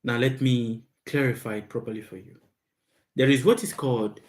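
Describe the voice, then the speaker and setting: A man hosts a live question-and-answer stream in an unremarkable mid-range voice. He speaks slowly and with heavy emphasis, repeating key words so they sink in. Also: medium pitch, fairly even intonation, a little mellow. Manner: slow, emphatic and repetitive, stressing words. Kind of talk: live Q&A monologue.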